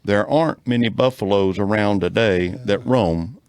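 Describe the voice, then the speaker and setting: A man's voice: fairly low pitch, moderate pace, a little mellow, clear, resonant tone, no echo, studio quality. A man co-hosting a casual podcast, reading out odd laws and joking along in a drawl. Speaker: podcast co-host. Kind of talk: casual panel chat, reading aloud.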